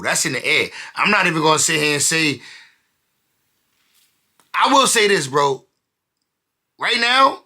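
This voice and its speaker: Male commentator, animated and incredulous, bright-toned, slightly high. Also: creaky. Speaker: commentator reading court documents. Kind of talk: casual commentary.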